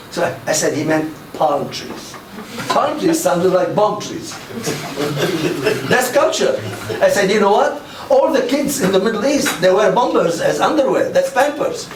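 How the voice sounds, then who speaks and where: An older man giving a public lecture, telling anecdotes and acting out the quoted dialogue with animation. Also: high voice. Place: mosque hall. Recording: roomy, distant mic with faint noise.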